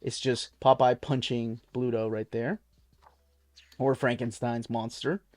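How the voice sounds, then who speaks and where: A man's voice: medium pitch, level tone, unhurried, darkish tone, no room sound. A man casually showing and reviewing comic books, rambling and enthusiastic with plenty of fillers. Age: adult, watched reruns as a kid. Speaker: book reviewer. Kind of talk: casual product overview.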